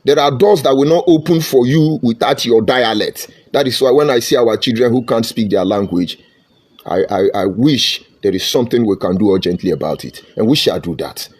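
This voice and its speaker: A man's voice: mid-range voice, animated, moderate pace, a little mellow, husky. A man with a Nigerian accent giving an impassioned, preachy monologue, repeating his points with emphasis. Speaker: online commentator.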